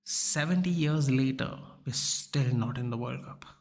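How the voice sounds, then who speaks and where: Creaky-voiced man ranting. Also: medium pitch, measured pace. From Goa, India. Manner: frustrated ranting, replying to chat. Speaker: watchalong streamer. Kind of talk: live stream chat.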